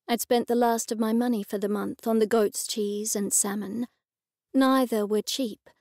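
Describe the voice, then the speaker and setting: A woman's voice: a little high, warm tone, dry recording, clean studio sound. A woman narrating an audiobook in the first person, with wry, weary storytelling. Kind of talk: scripted narration.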